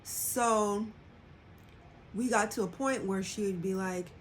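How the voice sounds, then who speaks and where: Woman, medium pitch, candid casual livestream talk, acts out quotes, faint background noise. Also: slow pace. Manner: candid, acts out quoted dialogue in changed voices. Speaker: livestream host. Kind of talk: casual personal reflection.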